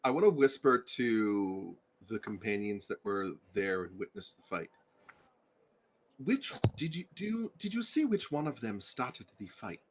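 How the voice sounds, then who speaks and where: Brief: young male player, animated delivery, casual in-character talk. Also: fairly low pitch, a little slow, slight background noise. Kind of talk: casual tabletop play.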